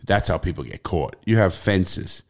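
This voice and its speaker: A man's voice: low voice, moderate pace. A middle-aged man with a New York accent, telling stories bluntly as a podcast guest, swearing freely. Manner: profane, animated, blunt. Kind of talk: casual interview storytelling.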